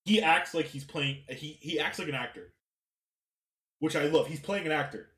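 A man co-hosting a casual film podcast, emphatic and animated and swearing freely. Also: fairly high pitch, moderate pace. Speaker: podcast co-host. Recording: echoey room.

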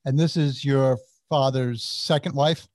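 A man's voice: mid-range voice, fairly even intonation, measured pace, darkish tone. A man interviewing a guest, asking short follow-up questions and reacting briefly. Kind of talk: conversational interview.

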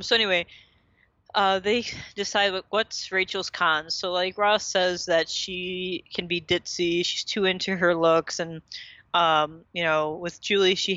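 A woman's voice: lowish voice, bright, forceful tone, no room sound, highs cut off. A woman casually recapping a TV episode as a podcast co-host, chatty and full of fillers.

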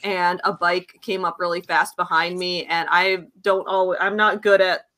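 A woman's voice: fairly low pitch, level tone, a little slow, bright, forceful tone. A young woman co-hosting a podcast in casual chat, chatty and laughing often, with lots of fillers. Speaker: podcast co-host.

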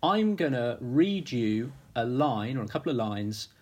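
A man's voice: mid-range voice, very animated, unhurried, a little mellow. A male host running a casual interview, friendly and teasing, with lots of fillers. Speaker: podcast host.

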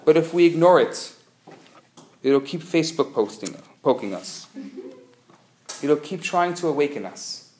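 A man speaking as a rabbi, giving a live lecture and telling jokes with lively storytelling. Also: fairly high pitch, a little slow, long pauses. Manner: animated joke-telling storyteller. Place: community center lecture hall. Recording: echoey hall, faint noise.

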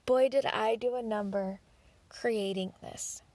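A woman's voice: a little high, fairly even intonation, slow pace, darkish tone, no room sound. A woman hosting a podcast, telling a personal story in a candid monologue, swearing freely and acting out her own inner thoughts. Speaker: podcast host.

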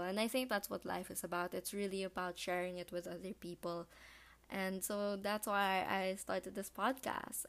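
A teenage woman from the Philippines talks through a solo podcast episode on her own. She rambles and fills her pauses with "um" and "you know". She is chatty and a little self-conscious about talking about herself. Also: medium pitch. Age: late teens. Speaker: podcast host. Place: home living room at night.

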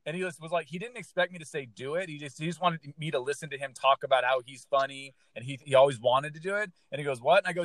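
A man who works as a stand-up comedian, chatting casually and telling an animated story, swearing freely and acting out what people said. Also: a little high, fast talker, no echo. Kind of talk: casual podcast chat.

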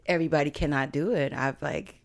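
A woman's voice: low-pitched, a little fast, gravelly. A woman co-hosting a podcast, talking frankly in casual chat, teasing and often laughing. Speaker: podcast co-host.

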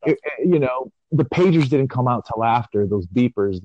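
A man in his forties co-hosts a casual audio chat. He muses out loud, rambling and reflective, and drags his phrases into long pauses. The sound is dull and lo-fi, recorded close and dry. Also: medium pitch, expressive, dry recording. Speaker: podcast co-host.

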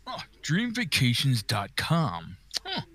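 A man playing an exasperated, excitable dad. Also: mid-range voice, slow, exaggerated voice. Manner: exasperated, chatty, easily excited. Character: harried middle-aged dad on vacation. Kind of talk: comedic horror audio skit.

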